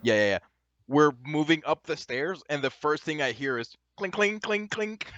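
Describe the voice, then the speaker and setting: A man in a casual voice chat, excitedly retelling a game mission with swearing and laughter. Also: fairly high pitch, normal speed, no room sound, lo-fi sound. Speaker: gamer.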